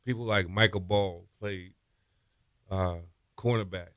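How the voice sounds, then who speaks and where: Man in his fifties, kinda low voice, easy storyteller, dry mic. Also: measured pace, no echo. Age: 50s. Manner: relaxed storyteller, trails off softly. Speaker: former college quarterback guest. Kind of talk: interview storytelling. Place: radio studio.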